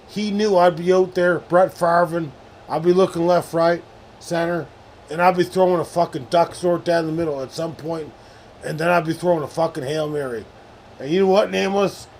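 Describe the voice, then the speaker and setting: A man hosting a late-night live stream, rambling and swearing as he heaps mock sports praise on a teammate. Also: high-pitched. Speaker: streamer host. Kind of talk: casual live-stream chat.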